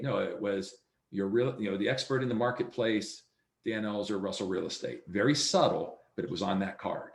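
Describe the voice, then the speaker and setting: Man, sales trainer, somewhat low voice, video-call presentation, acts out dialogue, echoey room. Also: normal speed, vocal fry. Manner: acts out dialogue in his stories. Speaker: real estate sales trainer. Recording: roomy echo.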